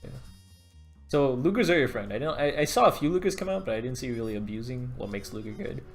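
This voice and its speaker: A man's voice: medium pitch, expressive, quick pace, faint music behind. A man co-hosting a live game stream, chatting casually and giving coaching advice with lots of fillers. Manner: chatty, rambling, filler-heavy. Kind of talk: casual livestream commentary.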